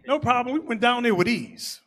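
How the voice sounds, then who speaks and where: A man preaching a sermon as bishop, telling stories with jokes and loud shouted asides. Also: very high voice, a little fast. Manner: animated, joking storytelling with shouted asides.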